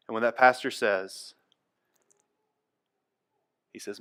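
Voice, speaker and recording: Male pastor, sermon delivery, mid-pitched voice, drops to a hush then builds to loud emphasis. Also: measured pace, long pauses. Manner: swings from quiet and hushed to loud and emphatic. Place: church.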